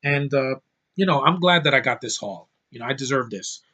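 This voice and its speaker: A young man with a middle-pitched voice talks straight to his camera in a relaxed home vlog. He is blunt and opinionated, swinging into excited rants as he goes. His delivery stays casual and unpolished throughout. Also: fairly quick. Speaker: movie collector vlogger. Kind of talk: casual movie haul vlog.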